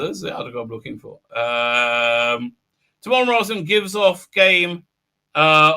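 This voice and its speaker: Bright, rambling man reviewing. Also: on the high side. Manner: rambling, irreverent, heavy on fillers. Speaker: show host and reviewer. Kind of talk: casual review commentary.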